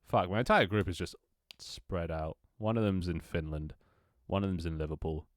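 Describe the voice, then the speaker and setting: Young man, very low voice, dry close sound, casual streamer chat, swears, restarts sentences. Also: moderate pace, dry recording. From London, England.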